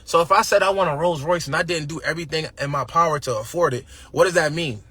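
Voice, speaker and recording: A man's voice: on the high side, fast, bright, forceful tone, slightly rough, no room sound. A young man giving an emphatic, slangy motivational talk, then chatting casually with a friend. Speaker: host.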